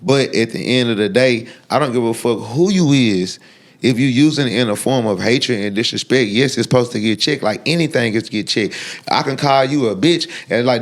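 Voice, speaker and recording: A man talks in an unfiltered interview. He is blunt and profane, and he rambles with frequent restarts and fillers at a middle pitch. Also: moderate pace. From Texas. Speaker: guest. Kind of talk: unfiltered sit-down interview talk.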